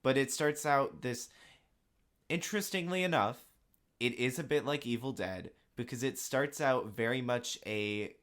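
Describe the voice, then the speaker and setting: A man's voice: medium pitch, measured pace, fairly bright tone. A young man co-hosts a podcast with a mid-range voice. He talks loosely and casually, dropping in plenty of fillers as he goes. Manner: loose, chatty, lots of uh and like. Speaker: podcast co-host. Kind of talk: casual chat.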